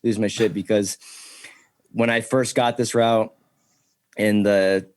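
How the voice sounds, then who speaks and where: A man, a podcast guest, telling a work story in a profane, animated way, a bit tipsy. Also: fairly low pitch, slow pace, no room sound. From Bakersfield, California. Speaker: guest, delivery driver.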